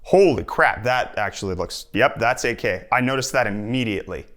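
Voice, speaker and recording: A young man presenting a tech unboxing vlog in a well-lit room, enthusiastic and quick to exclaim. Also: mid-range voice, lively intonation, fairly bright tone, soft background music.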